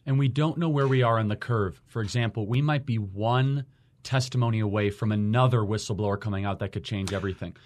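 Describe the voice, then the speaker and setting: Fast-talking male studio host. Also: fairly low pitch, a little mellow. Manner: brisk, storytelling, ends points with "right?". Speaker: show host. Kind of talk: studio conversation. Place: radio studio.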